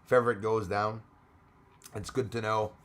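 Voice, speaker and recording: A middle-aged livestream host with a lowish, slightly bright voice and little pitch movement chats at normal speed. He reads out viewer comments, uses lots of fillers, and coughs now and then.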